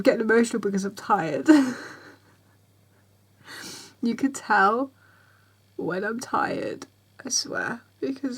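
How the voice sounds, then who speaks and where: A young woman, chatting casually to camera in her bedroom, tired and rambling, sometimes dropping to a soft near-whisper. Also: fairly high pitch, very animated, slow pace, vocal fry, pauses often, slightly rough. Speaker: vlogger.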